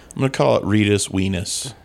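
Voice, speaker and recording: Gravelly low-voiced man rambling. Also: normal speed. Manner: rambling, self-correcting storyteller. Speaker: comedian and podcast guest. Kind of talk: casual podcast chat.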